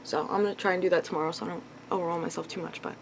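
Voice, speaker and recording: A young woman ranting in a casual vlog into her phone, rambling with lots of fillers and swearing, clearly frustrated. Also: lowish voice, steady tone, very fast, slight background noise, low-quality recording. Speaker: vlogger. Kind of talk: casual confessional vlog rant.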